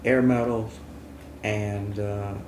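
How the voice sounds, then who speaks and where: A man's voice: on the low side, little pitch movement, takes it slowly. Plainspoken older man in a roomy space. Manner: brief, plainspoken replies. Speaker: guest and Vietnam veteran. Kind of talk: interview answers. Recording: roomy with faint hiss.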